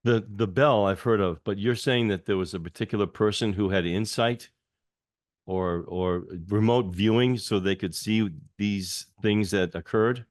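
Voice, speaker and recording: A male interview host with a lowish voice. He asks measured, probing follow-up questions.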